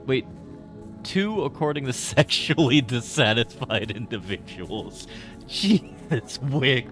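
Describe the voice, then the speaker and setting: A man's voice: mid-range voice, animated, slow, fairly bright tone, soft background music. A man streaming a game, rambling and joking with his chat in casual commentary. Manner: rambling, jokey, talks to chat.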